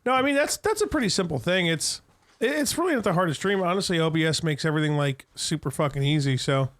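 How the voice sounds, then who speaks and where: A man's voice: a little high, expressive, fast, a bit bright. A man co-hosting a casual podcast, talking loosely and swearing while drinking. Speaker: podcast co-host. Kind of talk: casual chat.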